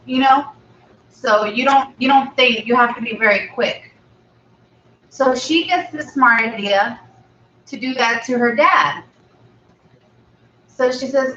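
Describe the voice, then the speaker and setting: A woman retells a story in a relaxed, rambling chat, her bright voice higher than most and her pace slow and easy. The room is echoey and she sits a little away from the mic. The sound is slightly dull, with a faint hum of ambience behind her. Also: far from the mic. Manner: chatty, rambling storyteller with fillers. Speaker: mukbang channel host. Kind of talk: casual chat retelling a film plot.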